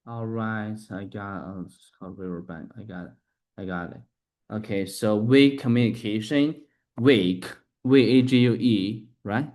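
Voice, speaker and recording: A man learning English, talking haltingly, restarting sentences and spelling words letter by letter. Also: fairly low pitch, a little mellow. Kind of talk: casual practice conversation.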